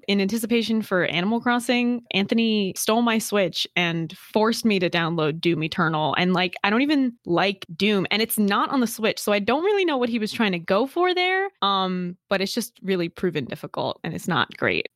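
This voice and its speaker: A woman co-hosting a podcast in casual group chat, giggly and teasing with quick asides. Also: medium pitch, fairly bright tone, dry recording, studio quality. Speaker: podcast co-host.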